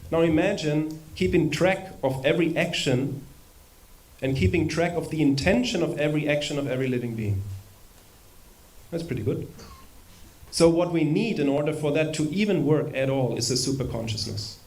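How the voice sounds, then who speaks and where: A man's voice: a little high, normal speed, a little mellow. A man giving an informal spiritual lecture to a live audience in a temple hall. He talks conversationally, with humorous asides and rhetorical questions.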